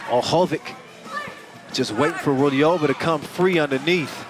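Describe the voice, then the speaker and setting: A man calling a live game as play-by-play commentator, energetic and jokey. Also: on the high side, normal speed. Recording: arena crowd and music behind. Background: cheering crowd and arena music.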